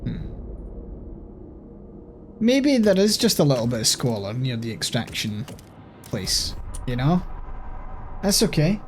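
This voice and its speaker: A man's voice: medium pitch, big pitch swings, slow, pauses often, a little hiss or hum. A man with a Scottish accent giving casual let's-play commentary, thinking aloud and swearing offhandedly as he plays. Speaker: gaming channel host.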